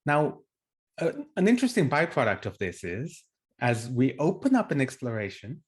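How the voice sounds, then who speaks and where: A man, a life coach, hosting his channel with an animated, upbeat solo welcome talk to viewers. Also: medium pitch, normal speed. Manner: animated, acts out example dialogues.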